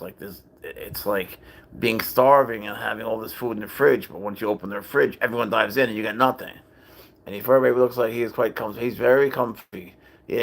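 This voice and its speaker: A man's voice: on the low side, creaky, a bit bright. A man hosting a casual livestream, telling a long rambling story in a chatty, profane way and greeting viewers. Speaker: livestream host and cat owner.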